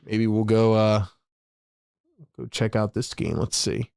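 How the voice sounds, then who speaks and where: A man with a lowish, slightly mellow voice, a clean tone and some vocal fry hosts a live fan show. He calls each play and chats with viewers in between, fast and chatty, laughing often and reading their messages. The sound is clean studio audio with no room sound.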